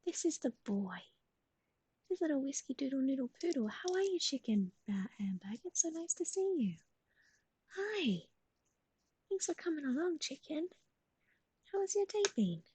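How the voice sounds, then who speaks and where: A young woman streaming live, whispering softly and cooing in baby talk to her dog while chatting with viewers. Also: high-pitched, sing-song, normal speed, pauses often. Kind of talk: ASMR livestream chat.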